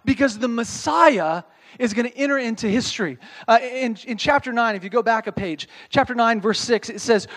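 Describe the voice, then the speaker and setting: With an extremely high, somewhat bright voice at normal speed, a pastor delivers a conversational sermon. He reads scripture aloud, explains it in plain words, and keeps checking in by asking "okay?".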